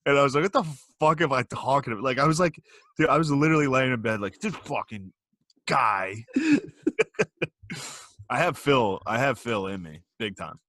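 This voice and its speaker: A man's voice: medium pitch, moderate pace, long pauses, sharp tone, no room sound. A young man co-hosting a podcast, telling crude, profane stories and laughing often in casual banter. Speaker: podcast co-host.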